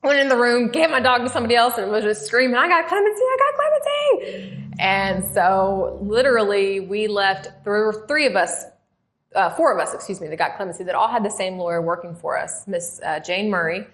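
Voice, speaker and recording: A middle-aged woman, a former prisoner telling her story as an interview guest in a lively conversational way. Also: medium pitch, a little fast. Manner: animated, acts out quoted voices.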